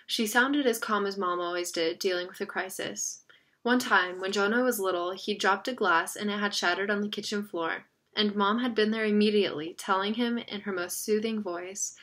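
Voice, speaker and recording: A woman narrating a novel aloud in an expressive, steady reading style. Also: medium pitch. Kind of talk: audiobook reading.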